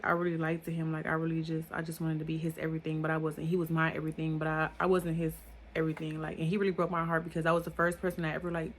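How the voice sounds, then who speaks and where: A young woman talks straight through a personal storytime in a loose, rambling way. Filler words pile up as she circles back and restarts. Her voice sits a little low for a woman. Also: a bit bright. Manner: rambling, filler-heavy talk. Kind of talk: casual storytime monologue.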